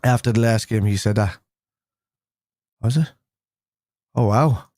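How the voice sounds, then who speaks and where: A man's voice: fairly low pitch, measured pace, a little mellow, dry recording, clean studio sound. A young man hosting a casual fan live stream, chatting loosely with viewers and rambling through restarts and fillers. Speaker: fan show host.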